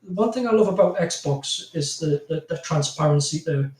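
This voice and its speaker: Geordie guy on a podcast, kinda high voice, rambles with loads of "you know", echoey room, sits back from the mic. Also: lively intonation, normal speed, darkish tone. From North East England. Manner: rambling, laughs often, many "you know" fillers. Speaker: podcast guest, graphic designer. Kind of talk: casual chat. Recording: roomy, distant from mic.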